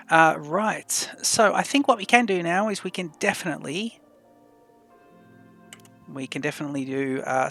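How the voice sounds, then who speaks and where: A man with a gravelly, slightly high voice talks through his game, thinking aloud in an unhurried, chatty way. He speaks close to a desk mic. Faint music plays under him. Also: a bit bright. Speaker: let's play host. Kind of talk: casual gameplay commentary.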